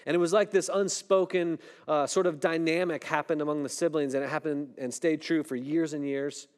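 A middle-aged man preaching a sermon in a conversational way, often asking "right?" and dropping his voice low and soft when a story turns tense. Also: steady tone, a little fast. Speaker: pastor.

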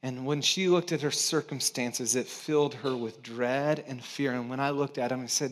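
A pastor preaching a conversational sermon to his church, swinging between loud emphasis and hushed, quiet stretches. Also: a little high, normal speed, few pauses.

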